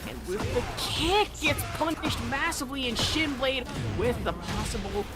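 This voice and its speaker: A young woman commentating a fighting game match, excitable and playful, joking and laughing between calls. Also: sits high, normal speed. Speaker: esports commentator. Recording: loud music bed behind.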